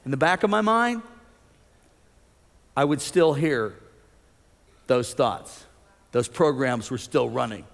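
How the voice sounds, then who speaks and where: A man preaching a sermon as pastor, animated, acting out the voices he quotes. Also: mid-range voice, slow pace, creaky, pauses often. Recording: long hall reverb.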